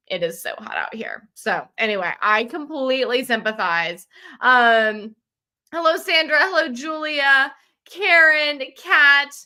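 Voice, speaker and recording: A woman's voice: fairly high pitch, sharp tone. A chatty woman, hosting a live quilting class and greeting viewers by name. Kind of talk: live-stream chat with viewers.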